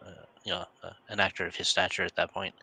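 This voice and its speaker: A man's voice: deep voice, flat delivery, quick pace, vocal fry, sharp tone, poor audio. A man hosting a casual interview, answering with short affirmations and hesitant fillers. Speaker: interview host.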